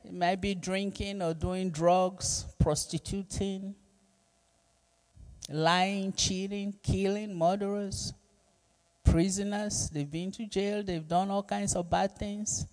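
Slow, emphatic male preacher. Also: sits high, steady tone, a little mellow, smooth. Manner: slow, emphatic preaching with repeated calls to the congregation. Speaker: pastor. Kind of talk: sermon with call-and-response.

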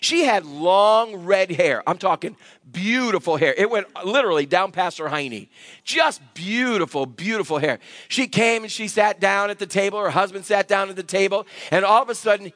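A male pastor delivers an emphatic sermon in a strikingly high voice. His tone is bright and driving. The sound is close and dry, with no room echo. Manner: emphatic preaching with call-and-response. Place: church sanctuary.

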